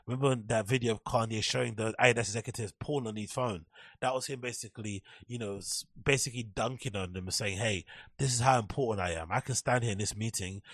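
A man's voice: medium pitch, slightly rough, no echo, studio quality. A young man hosting a casual solo podcast, reading an article aloud and breaking off to riff with sardonic, sweary commentary. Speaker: podcast host.

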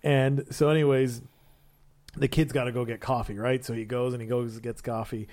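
A man's voice: medium pitch, normal speed. A man co-hosting a casual podcast, telling a story with lots of energy and dropping into goofy voices for the characters. His speech is loose and chatty, full of fillers and restarts. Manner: animated storyteller, acts out quotes in funny voices. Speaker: podcast co-host. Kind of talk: casual chat, retelling a comic story.

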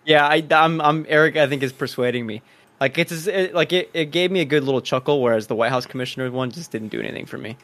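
Male co-host, unsure and mulling things over out loud. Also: on the high side, fast talker. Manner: hesitant, thinks aloud with restarts. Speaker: podcast co-host. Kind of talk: casual chat.

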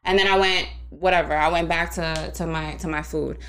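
A woman hosting a podcast, telling a story in a casual, animated way with lots of swearing and laughter. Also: deep voice, fairly quick. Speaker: podcast host. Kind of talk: casual chat.

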